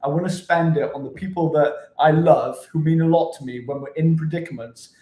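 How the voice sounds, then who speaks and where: A man vlogging in casual chat to camera, energetic and chatty, swearing freely, from his apartment. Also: on the high side, brisk. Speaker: travel vlogger. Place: apartment room, indoors. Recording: roomy echo in an apartment.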